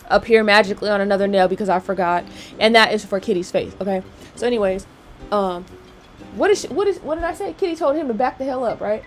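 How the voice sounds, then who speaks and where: A woman nail technician chatting casually while working, slangy and checking in with her viewers. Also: medium pitch. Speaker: nail technician and channel host. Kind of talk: casual chat while doing nails.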